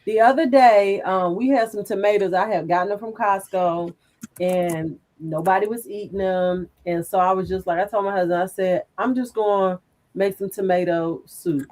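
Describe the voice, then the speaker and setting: A woman with a mid-pitched voice tells a kitchen story in an easy, casual way. She teases and encourages her friend, calling her "sister" and "boo". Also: fairly even intonation, moderate pace. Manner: warmly encouraging, storytelling, teasing. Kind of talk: casual chat.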